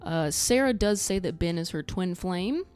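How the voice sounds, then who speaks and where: A woman vlogger recaps a show in a low voice whose pitch rises and falls a great deal, expressive and at a normal speed. She's blunt and sarcastic, swearing casually, with a darkish, clean tone and faint music in the background.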